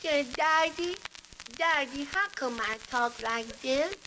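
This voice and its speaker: A man's voice: background noise, heavily acted. A man doing a whiny little girl. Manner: high, drawn-out whine. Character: whiny little girl pestering her parents.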